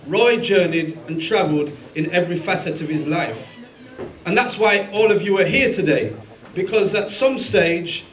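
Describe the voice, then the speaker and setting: A man's voice: high-pitched, fairly bright tone. A man hosting a live tribute event, rousing the audience with questions. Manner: rousing, asks the crowd questions. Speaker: event host. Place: large hall at a live event. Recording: echoey hall, far from mic, crowd.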